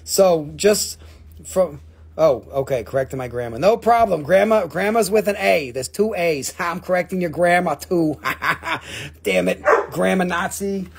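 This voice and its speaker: A fairly high-voiced man with a husky edge runs a casual live-stream auction. He talks in an excitable, joking way and swears freely. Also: unhurried. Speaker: live-stream crystal seller.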